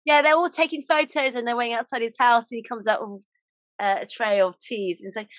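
Female host, chatty with tag questions, bright-pitched voice, dry close mic. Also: expressive, brisk, no echo. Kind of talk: casual chat.

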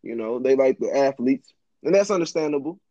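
A man's voice: medium pitch, lively intonation, brisk, warm tone, no room sound, muffled recording. A young man telling a story in a laid-back, slangy way, laughing often as he talks. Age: young adult. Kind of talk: casual storytelling.

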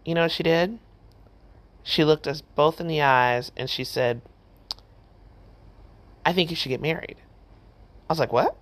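A woman's voice: low-pitched, measured pace, long pauses. Woman host, middle-aged, chatty storyteller who acts out quotes; casual, filler-heavy delivery. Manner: chatty, animated, many fillers and quoted dialogue. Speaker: podcast host.

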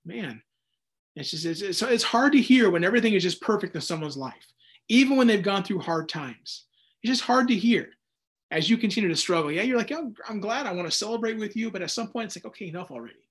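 A Bible teacher with a notably high speaking voice runs a casual Bible study, keeping things relaxed and conversational. He tends to ramble a bit, restart sentences, and slip into quick acted-out asides.

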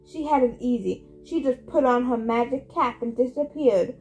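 Woman, audiobook reader, steady first-person narration, high voice. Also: moderate pace, soft background music, poor audio. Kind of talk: reading a novel aloud.

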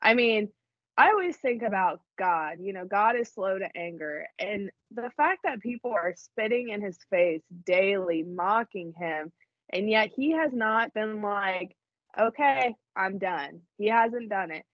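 A woman's voice: medium pitch, lively intonation, unhurried, no echo, dull audio. A woman co-hosting a podcast, chatting emotionally about faith and often laughing. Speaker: podcast co-host. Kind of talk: casual faith chat.

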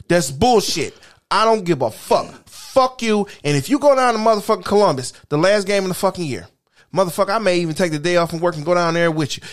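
High-voiced man on a profane rant. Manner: heated, crude and emphatic, repeats himself. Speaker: podcast co-host. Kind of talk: profane casual sports rant.

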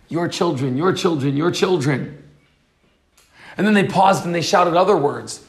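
A man's voice: fairly high pitch, unhurried, vocal fry. A man preaching a sermon, reading scripture aloud and then explaining it. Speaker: pastor.

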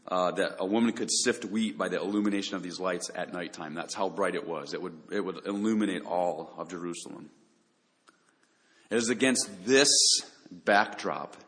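A man's voice: sits low, a bit bright, big-room sound, poor audio. A man preaching a sermon, speaking earnestly and addressing listeners directly with rhetorical questions. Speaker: pastor.

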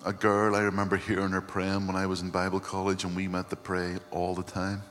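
Male pastor, deep voice, earnest sermon, long hall reverb. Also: monotone, fairly quick, fairly bright tone. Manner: earnest, reflective preaching, often quoting scripture.

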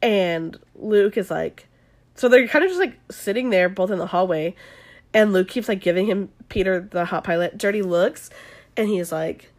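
Young woman, casual recap, gossipy, swearing, mid-pitched voice. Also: moderate pace, a little mellow. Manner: gossipy, swears, fills speech with "like". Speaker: vlogger. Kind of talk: casual chat recapping a reality show.

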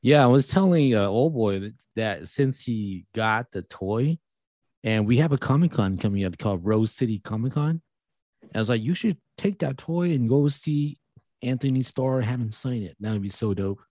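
A man's voice: medium pitch, expressive, normal speed, mellow, dry recording, clean studio sound. Laid-back podcast co-host man. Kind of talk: casual chat.

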